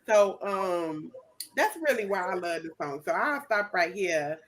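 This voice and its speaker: A woman's voice: on the low side, expressive, measured pace. A woman co-hosting a podcast, talking casually and reflectively about a favorite song's lyrics. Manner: reflective, chatty, many fillers. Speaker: co-host.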